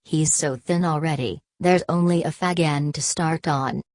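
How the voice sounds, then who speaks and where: A woman's voice: deep voice, a little slow, a little mellow, dry recording, clean studio sound. A woman reading an audiobook, voicing a sly, mocking young woman.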